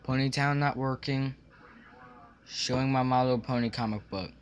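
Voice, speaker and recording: A man's voice: medium pitch, steady tone, normal speed. Rambling young guy, faint room hum. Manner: scattered, forgetful, many fillers and restarts. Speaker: vlogger. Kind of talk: rambling casual vlog. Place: small room at home.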